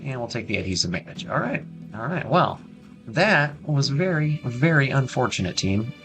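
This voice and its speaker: A man's voice: mid-range voice, sing-song, moderate pace, low-quality recording. A man giving casual, chatty commentary on his own gameplay, talking straight to his viewers with jokey asides. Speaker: gaming streamer. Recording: music playing behind.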